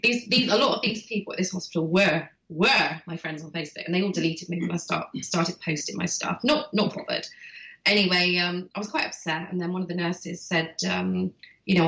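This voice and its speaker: A woman host chatting casually and telling a personal story in a candid, animated way. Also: fairly low pitch, fairly quick, gravelly. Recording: roomy echo.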